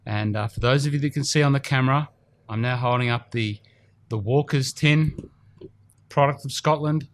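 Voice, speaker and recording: A man's voice: medium pitch, normal speed, a little hiss or hum. A man hosting a casual podcast in an indoor golf studio, chatty and rambling with fillers. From Australia. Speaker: podcast host.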